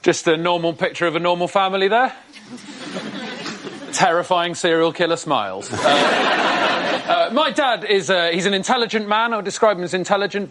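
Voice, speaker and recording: A man doing stand-up, telling a story in an animated way with sudden loud bursts. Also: sits high. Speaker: stand-up comedian. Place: TV studio stage.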